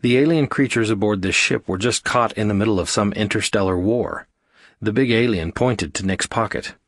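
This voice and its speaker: A man narrating a science fiction audiobook in a steady, even storytelling manner. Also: lowish voice, moderate pace, no echo, studio quality. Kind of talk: scripted narration.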